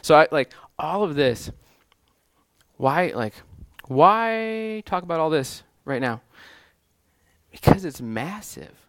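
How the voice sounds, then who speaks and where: A man's voice: fairly high pitch, sing-song, takes it slowly, pauses often, a bit bright, no echo. A man preaching a sermon in an earnest way, often restarting phrases and building to emphatic lists. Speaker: pastor.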